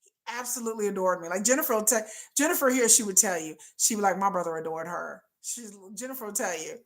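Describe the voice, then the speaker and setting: A middle-aged woman hosting a livestream, chatting casually and acting out quoted lines in a lowered voice. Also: fast. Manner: animated, acts out quotes in lowered voice. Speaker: livestream host. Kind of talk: casual storytelling chat.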